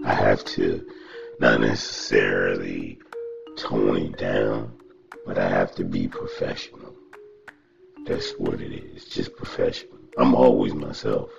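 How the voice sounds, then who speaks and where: A man with an extremely low, gravelly voice talks through a casual podcast monologue. He tells stories in an animated, profane way and breaks into laughter. The sound is a little muffled, with faint music underneath. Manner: animated storytelling, frequent cursing and laughter.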